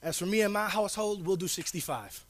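High-voiced emphatic preaching man. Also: fast. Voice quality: informal slangy delivery. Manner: emphatic, repeats key phrases, swings between loud declarations and low asides. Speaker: pastor. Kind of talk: sermon.

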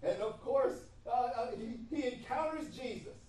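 A man's voice: very high voice, measured pace, warm tone. A man preaching a sermon, with emphatic repetition and frequent hesitations. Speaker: pastor. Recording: echoey room from far off.

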